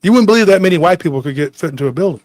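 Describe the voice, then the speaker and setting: A man from Texas hosting a podcast, spinning rambling stories about his family in casual chat. His voice sits a touch high and sounds dry and close. He slips into quick imitations of relatives and laughs often. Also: lively intonation, darkish tone, dry recording. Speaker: podcast host.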